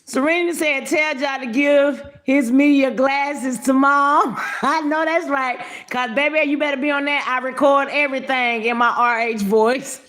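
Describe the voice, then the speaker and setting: A woman's voice: sits high, steady tone, a little slow, hardly any pauses, fairly bright tone. A woman hosting a casual livestream, greeting viewers by name and giving brash, profane commentary with lots of laughter.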